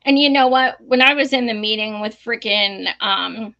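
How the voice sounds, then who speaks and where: A woman's voice: a little high, normal speed, bright, forceful tone, dull audio. A young adult woman co-hosting a political live stream, talking bluntly and profanely, laughing often. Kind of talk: casual livestream talk.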